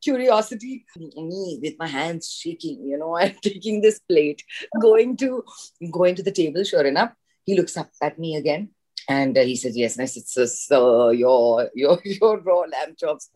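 A woman from India, an actress, telling an animated story in a casual interview, acting out the dialogue. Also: low voice, moderate pace. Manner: animated anecdote with acted-out dialogue and laughs. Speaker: guest actress.

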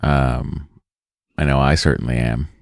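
A man's voice: a bass voice, fairly even intonation, a little slow, gravelly, dry recording, studio quality. A man co-hosting a podcast, chatting casually and joking, rambling with fillers. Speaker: podcast co-host. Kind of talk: casual chat.

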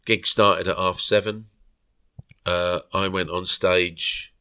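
A middle-aged man with an extremely deep, low voice spins a rambling anecdote for a podcast. He slips into quoted dialogue as he goes. The sound is dry and close, with no room echo. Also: little pitch movement, slow pace, sharp tone, clean tone. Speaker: podcast guest. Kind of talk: storytelling interview.

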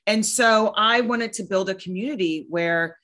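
A woman's voice: medium pitch, moderate pace, sharp tone. A woman in her thirties, a podcast host, talking earnestly and with emphasis in a casual chat, sometimes acting out what others say. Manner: earnest, emphatic, acts out quoted voices. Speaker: podcast host and guest speaker.

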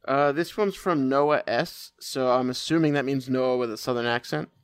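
Man, podcast co-host, casual, joking, smooth voice, dry recording. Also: medium pitch, normal speed, no room sound. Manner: easygoing and joking. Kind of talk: casual chat.

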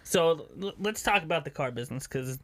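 A man's voice: on the high side, lively intonation, brisk, a bit bright. A man co-hosting a casual podcast, telling stories from his car sales days and laughing often. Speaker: podcast co-host.

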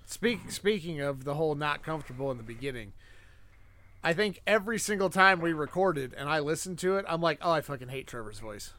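A man's voice: a little high, brisk, sharp tone. A man co-hosting a podcast in casual chat, blunt and self-deprecating. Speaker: podcast co-host.

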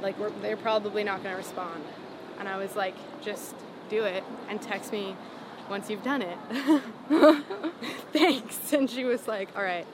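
Young woman singer telling her story, tons of likes and ums, middle pitch, noisy street sound behind. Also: normal speed. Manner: rambling, lots of "like" and "um", animated retelling. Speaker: singer-songwriter guest. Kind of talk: casual interview storytelling.

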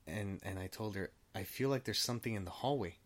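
A man's voice: lowish voice, brisk. A man telling a personal story in casual chat. He rambles, restarts often and swears freely as he acts out what people said. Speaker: storyteller guest.

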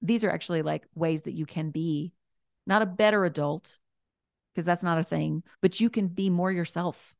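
A woman, a guest author, chatting casually and warmly, repeating her key points as she gives encouraging advice. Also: lowish voice, steady tone, moderate pace, creaky, dry recording, clean studio sound.

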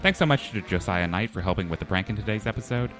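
A man's voice: lowish voice, expressive, fast talker, fairly bright tone, faint music behind. A man hosting a comedy podcast, talking in a hesitant, dry comic way with many fillers. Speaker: podcast host.

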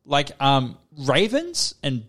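Young male co-host, loose and rambling, very animated pitch, sweary casual chat. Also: slow. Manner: rambling, swears a lot, lots of fillers like 'like'. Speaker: podcast co-host.

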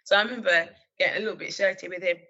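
A woman who is a former police officer, telling a personal story in an earnest, halting way with many fillers and restarts. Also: on the low side, fairly even intonation, sharp tone, slightly rough, highs cut off. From London, England.

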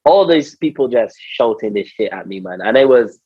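A man from Barbados with a Barbadian accent, a former cricketer telling stories in a casual conversation, animated, slangy and repeating his words. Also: mid-range voice, normal speed, breathy edge, no echo, narrow, tinny audio. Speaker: interview guest, former cricketer.

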